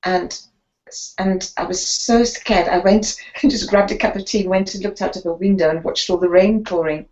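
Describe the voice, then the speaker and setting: An older woman, a sports photographer and guest on an interview show, telling her stories in an animated way and acting out the voices of the people she quotes. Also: medium pitch, normal speed, dull audio. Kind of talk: storytelling interview.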